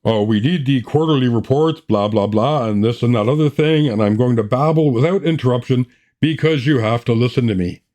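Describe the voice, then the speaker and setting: A man voicing a self-important male boss who babbles on without pausing. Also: medium pitch, mellow, lightly acted. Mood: droning.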